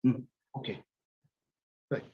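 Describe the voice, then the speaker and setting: A man giving impassioned spoken commentary as an interview guest, with preacherly repetition and rhetorical questions. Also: slow pace. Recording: dull lo-fi audio.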